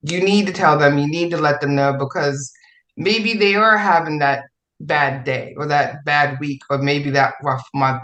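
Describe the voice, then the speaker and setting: A woman speaks in a bright, forceful voice, casual and effusive. She hammers points home by repeating phrases. The room around her is echoey. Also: low-pitched. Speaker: fellow writer on a podcast panel. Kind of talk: casual podcast chat.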